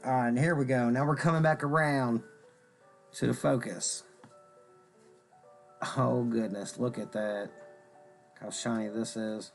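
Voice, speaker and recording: Gravelly-voiced man rambling about cards. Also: medium pitch, fairly even intonation, a little slow, long pauses, soft background music. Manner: joking, rambling, greets viewers by name. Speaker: host of a card-selling stream. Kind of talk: casual rambling chat while showing cards.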